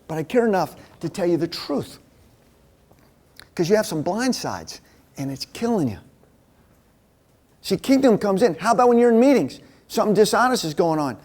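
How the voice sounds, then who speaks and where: A man's voice: high-pitched, animated, brisk, a little mellow. A man giving a conversational talk to a men's group, telling personal stories and acting out the dialogue. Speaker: men's ministry speaker. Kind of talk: sermon told through personal stories.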